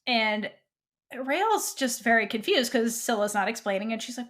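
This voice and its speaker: A woman co-hosting a fan podcast, retelling a TV episode in a casual, animated way and quoting the characters' lines. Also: fairly high pitch, normal speed. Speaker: podcast co-host.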